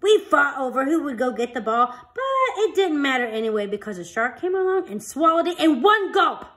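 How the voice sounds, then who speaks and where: A woman reading a children's picture book aloud as a storyteller, in an animated, expressive way. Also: sits high, moderate pace.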